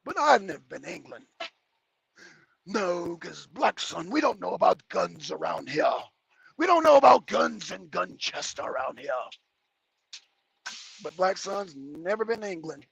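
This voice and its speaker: High-pitched and creaky, with big swings in pitch and a fairly bright tone, a trucker talks a little slowly and leaves long pauses as he rambles through chat comments on a casual livestream. He jokes between driving remarks from his heavy truck's cab on the road. The audio is dull, with slight background noise.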